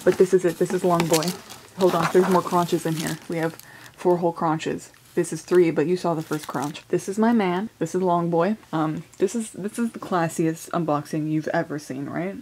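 A young woman, a college student, whispering softly through a casual unboxing vlog, giggling often and swearing offhandedly. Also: deep voice, slightly rough. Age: young adult.

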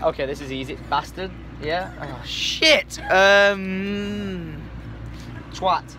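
Excitable, swearing young man, highish voice. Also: slow pace, slight background noise. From England. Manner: excitable, swears a lot, bursts of shouting. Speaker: vlogger. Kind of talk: casual vlog chat.

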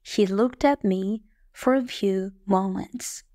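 A woman narrating a story in the first person for English learners, slow, plain and clearly spoken. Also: mid-range voice, warm tone, no echo, studio quality. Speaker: audiobook narrator.

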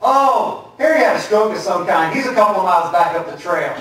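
A man playing a matter-of-fact deer hunter with a casual, deadpan delivery. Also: high voice, brisk. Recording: echoey hall, distant mic.

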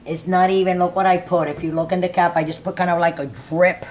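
Speaking quickly in a slightly mellow, low voice with little pitch movement, a middle-aged woman rambles through a casual cooking video from her home kitchen. A little hiss or hum sits under her chatty talk, and she often checks in with "you know what I'm saying?"

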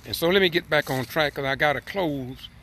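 A man's voice: fairly high pitch, brisk, a bit bright. A man preaching fervently and emotionally, repeating phrases as he builds to emphatic peaks. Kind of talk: impassioned preaching.

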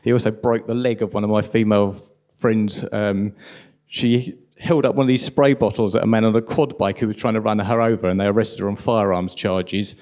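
A man with a strong London accent giving an impassioned, indignant conference talk at a rapid pace. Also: fairly low pitch, steady tone, a little mellow. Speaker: conference speaker.

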